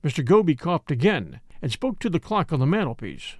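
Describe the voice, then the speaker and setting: Man, audiobook narrator, measured, expressive, animated pitch, dry recording. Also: dry recording. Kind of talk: scripted narration.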